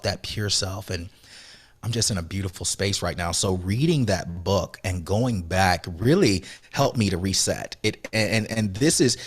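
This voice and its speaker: A man being interviewed as an author and speaker, telling a personal story earnestly and with emotion, often soft and then rising with conviction. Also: sits low, slightly rough. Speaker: podcast guest, author and motivational speaker.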